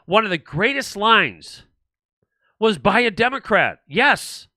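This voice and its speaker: A man's voice: sits high, big pitch swings, slow, sharp tone, dry recording. An older man hosting a political livestream, rambling and indignant, with frequent restarts as he answers viewer comments. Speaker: livestream host.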